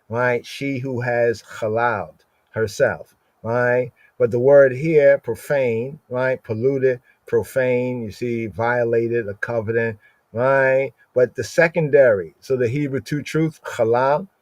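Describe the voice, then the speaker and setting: A man teaching scripture in a medium-pitched voice, recorded dry and close with no room sound. He reads Hebrew slowly, then breaks each word down, checking "right?" after nearly every phrase. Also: darkish tone, no room sound. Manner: explains Hebrew words aloud, repeats "right?" constantly; slows down to read Hebrew verses. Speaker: Bible teacher.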